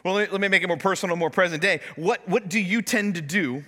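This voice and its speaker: A man preaching a sermon as pastor, animated, acting out the complaints and prayers he quotes. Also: high-pitched, fast talker, in a large hall. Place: church sanctuary.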